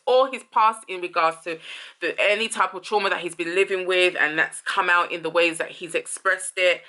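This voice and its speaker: A woman's voice: lowish voice, pushed and bright. A woman hosting a casual song commentary, thinking aloud, rephrasing and trailing off as she muses. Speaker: host.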